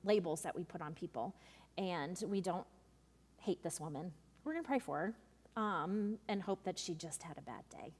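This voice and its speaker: Chatty youth leader woman in a reverberant hall. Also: medium pitch. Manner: chatty, frequent ums and asides. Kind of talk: workshop talk with personal stories. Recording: long reverb of a large room.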